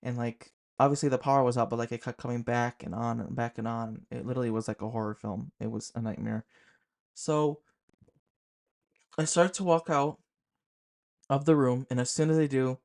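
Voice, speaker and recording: A young man casually recounting a scary night in a vlog, with an animated, dramatic delivery and lots of "like". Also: medium pitch, normal speed, gravelly. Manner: animated, fillers of "like", dramatic retelling. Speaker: horror storyteller host.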